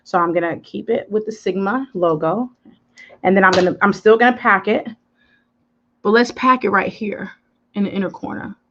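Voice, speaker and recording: A woman's voice: mid-range voice, normal speed, a little hiss or hum. A woman hosting a live makeup tutorial, chatting emphatically with her viewers and answering their comments. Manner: animated, emphatic. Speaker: beauty influencer. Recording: dull lo-fi livestream audio.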